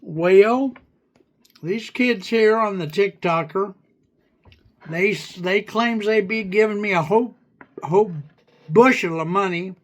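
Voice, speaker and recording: A man's voice: sits high, takes it slowly, long pauses, pitched above the performer's own voice. A man voicing a folksy, flirty hillbilly who makes up words, with a put-on Southern hillbilly accent, bantering on a livestream. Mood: folksy teasing. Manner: drawling, rambling, coins fake words.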